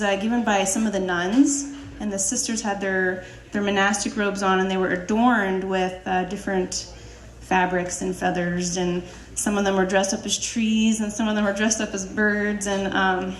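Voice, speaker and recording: A woman's voice: mid-range voice, roomy sound. Laughing woman telling a story on stage. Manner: warm, laughing, many fillers and restarts. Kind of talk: personal story told on stage. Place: live storytelling event.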